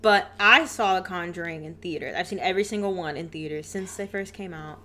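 A woman's voice: fairly low pitch, fairly quick, pushed and bright, slight background noise. A young adult woman co-hosting a casual podcast, sarcastic, laughing and swearing freely. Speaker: podcast co-host.

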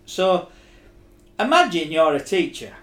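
A man gives wry, opinionated views in a casual chat. His voice is fairly high and swings widely in pitch. The room adds a clear echo. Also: very animated, measured pace. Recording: echoey room.

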